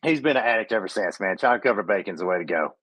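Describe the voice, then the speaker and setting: A man's voice: fairly low pitch, animated, rapid-fire, fairly bright tone, breathy edge, dry recording, poor audio. A man from western Georgia, telling stories as a podcast co-host in casual chat. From western Georgia, USA.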